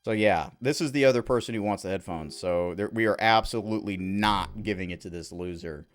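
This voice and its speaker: A man's voice: on the low side, brisk. A man from Southern California giving casual gameplay commentary as a streamer, with laid-back, rambling asides.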